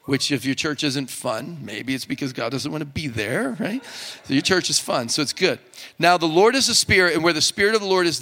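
A male pastor preaching a sermon to his congregation in a relaxed, joking, conversational way. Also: a little high. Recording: long hall reverb.

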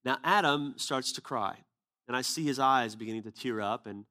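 A man delivers a sermon through relaxed personal storytelling. His tone is conversational and unpolished, turning earnest and emphatic as he drives home his message. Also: mid-range voice, normal speed. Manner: casual, conversational retelling with quoted dialogue. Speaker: preacher.

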